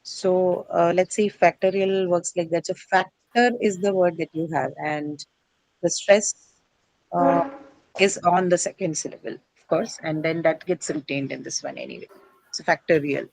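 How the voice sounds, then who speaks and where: Woman teacher, lowish voice, dry close sound, asks questions and corrects students. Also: moderate pace, vocal fry, darkish tone, dry recording, poor audio. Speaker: English teacher. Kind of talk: classroom lesson on word stress. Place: classroom.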